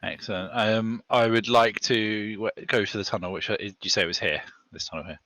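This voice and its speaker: A man's voice: on the low side, fairly even intonation, a little fast, pushed and bright, dry recording. A man playing a tabletop game, talking casually in a hesitant, polite way. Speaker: player.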